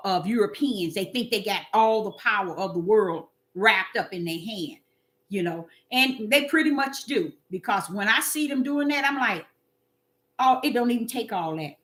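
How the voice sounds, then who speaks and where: A woman giving animated, preachy casual commentary to her viewers, often repeating words and using fillers. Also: medium pitch.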